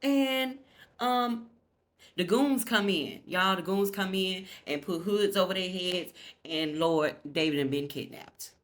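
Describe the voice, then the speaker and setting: A woman recaps a TV episode in a loose, gossipy chat, swearing freely and talking right to her viewers. Her voice sits a little low for a woman. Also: slow. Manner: chatty, gossipy and profane, addressing viewers directly. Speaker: TV recap vlogger.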